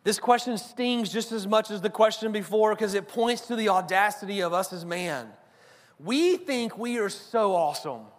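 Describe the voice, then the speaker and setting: A man's voice: high voice, normal speed, long reverb tail. A man preaching a conversational sermon, often checking in with the listeners. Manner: conversational preaching, tag questions. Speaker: pastor.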